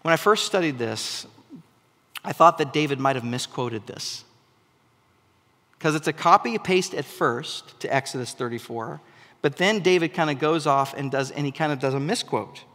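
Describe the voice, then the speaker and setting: A man preaching a sermon as pastor, animated and building to emphatic bursts. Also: a little high, moderate pace. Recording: long hall reverb.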